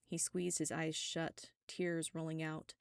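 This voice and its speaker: A woman reading a first-person web serial aloud, steady and wry. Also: low voice, takes it slowly, gravelly, clean tone, no echo, studio quality. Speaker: narrator.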